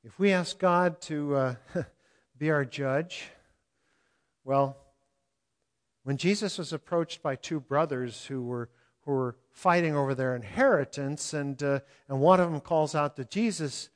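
An older man preaching a sermon in a conversational way, chuckling often and animated as he speaks. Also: a little high, unhurried. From California. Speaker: pastor.

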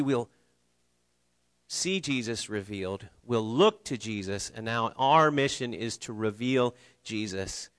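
Preaching in a church sanctuary, a male pastor speaks in a medium-pitched, fairly bright voice with no echo. He comes across as earnest and conversational, slipping in light humor and small restarts.

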